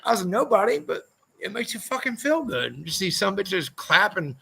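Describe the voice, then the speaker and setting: A man's voice: high voice, big pitch swings, moderate pace, gravelly, pushed and bright, slightly rough, poor audio. A man, a former motorcycle racer, telling rambling, profanity-laden stories as a podcast guest. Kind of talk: casual storytelling interview.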